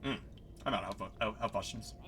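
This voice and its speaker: A man streaming live gameplay commentary, animated, swearing and laughing at his own mishaps. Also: fairly low pitch, a little fast, gravelly, noisy background. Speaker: streamer playing a game.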